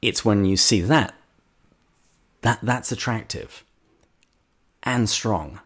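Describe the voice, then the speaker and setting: A man's voice: fairly low pitch, takes it slowly, breathy edge. A man with an English accent hosting a casual video-call chat, speaking with emphatic, firmly held opinions. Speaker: podcast host.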